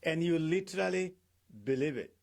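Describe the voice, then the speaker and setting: A man's voice: a little high, moderate pace, gravelly, darkish tone. A middle-aged man speaking as a pastor in a devotional talk. He asks his listeners rhetorical questions and acts out the things people say.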